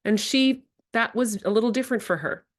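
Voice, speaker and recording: A woman with a fairly high voice speaks briskly while leading a teaching workshop for educators. Her delivery is candid and reflective, and she dramatizes her own quoted remarks.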